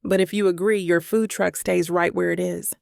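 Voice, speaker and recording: A woman's voice: lowish voice, steady tone, moderate pace, vocal fry, darkish tone, no room sound, clean studio sound. A woman reading the lines of a smug, confident male billionaire executive in an audiobook, cool and matter-of-fact. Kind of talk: audiobook character dialogue.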